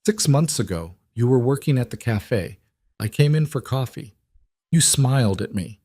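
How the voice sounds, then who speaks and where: A man voicing a controlled crime boss who speaks in flat, clipped sentences. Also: medium pitch, moderate pace, dry recording, studio quality, voice pushed up, lightly acted. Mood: cold.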